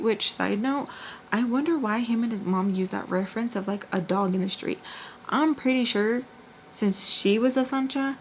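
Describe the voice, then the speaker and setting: Animated woman telling a storytime. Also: medium pitch. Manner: animated, expressive retelling with quick asides and drops to a whisper. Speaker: storytime vlogger. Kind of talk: casual storytime chat to viewers. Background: faint heater hum.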